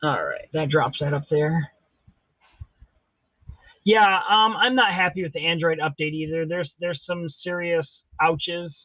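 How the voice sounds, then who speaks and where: A man's voice: on the high side, unhurried, dry recording. A man hosting a live drawing stream, chatting casually and playfully while he answers viewer comments. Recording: dull, dry lo-fi stream audio.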